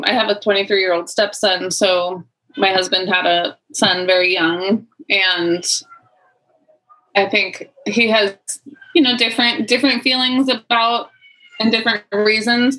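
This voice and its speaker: A woman with a bright, clear voice shares her thoughts in a relaxed conversation. She muses thoughtfully, leaning on "like" and trailing restarts. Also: medium pitch, a little slow, poor audio. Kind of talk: reflective conversational chat.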